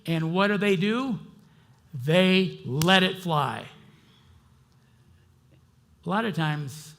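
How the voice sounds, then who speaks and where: A middle-aged man preaching a sermon as pastor, conversational and impassioned, swinging between loud outbursts and quiet asides. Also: high-pitched, very slow, creaky, slight background noise.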